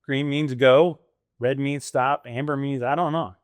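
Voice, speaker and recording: A franchise owner in his fifties from the United States recounts his career as a guest in a relaxed interview, doing voices and laughing a lot. He speaks at a measured pace in a smooth, mid-range voice with a steady tone. The studio sound is clean with no echo.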